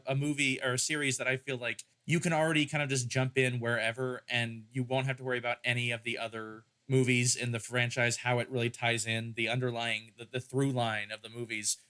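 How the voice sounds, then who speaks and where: A man with a bright, forceful voice chats casually on a podcast. He rambles and riffs with jokes, restarting his sentences as he goes. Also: medium pitch, fairly even intonation, brisk.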